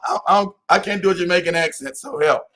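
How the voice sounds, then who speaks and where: A man hosting a casual live stream, talking to viewers by name, animated and often laughing. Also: high voice, quick pace.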